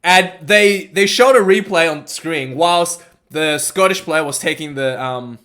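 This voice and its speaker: Rambling excitable man recapping rugby. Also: fairly high pitch, unhurried. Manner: rambling, excitable, lots of restarts and asides. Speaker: rugby match reviewer. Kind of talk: casual match recap commentary.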